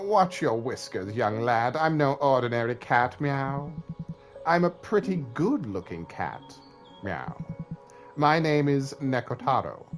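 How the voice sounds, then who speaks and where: A man's voice: medium pitch, voice pushed up. A man voicing a vain male cat spirit from a video game who brags about himself and tacks meows onto his lines.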